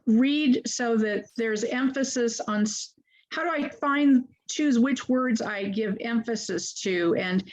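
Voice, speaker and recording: Halting woman in her sixties, muffled call audio. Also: a little high, a little mellow. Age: 60s. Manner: halting, self-correcting. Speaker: workshop participant. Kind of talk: asking a question. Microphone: video call.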